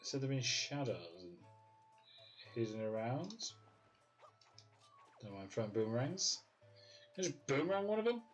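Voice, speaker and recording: Sweary, laughing Yorkshire streamer. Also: male voice, mid-range voice, expressive, moderate pace, pauses often, soft background music. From Yorkshire, England. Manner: sweary, laughs often, talks to chat. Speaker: livestreamer. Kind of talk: casual gaming livestream commentary.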